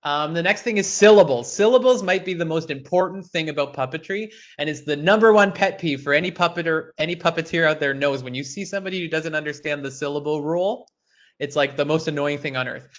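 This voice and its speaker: A young man teaching an online puppetry workshop, talking animatedly and breaking into quick puppet voices. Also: a little high. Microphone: video call. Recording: dull lo-fi online call audio.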